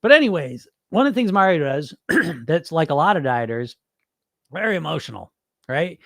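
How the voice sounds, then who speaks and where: A middle-aged man coaches dieters on his podcast in a blunt, profane, casual way, his voice sitting fairly high and swinging widely in pitch. He often slips into a panicky imitation of a dieter before snapping back to plain talk. The sound is dry and close. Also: big pitch swings, normal speed, vocal fry, a bit bright, dry recording. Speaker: podcast host and weight loss coach.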